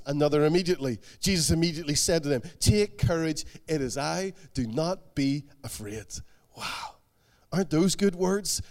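A man preaching a sermon, animated, voicing the people in the stories he tells. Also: on the high side. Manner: animated, acts out the quotes he tells. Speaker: pastor.

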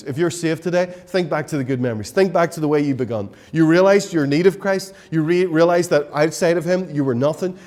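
This pastor's voice is a bit higher than most men's and a little mellow. He preaches emphatically, repeating his points and putting rhetorical questions to his listeners.

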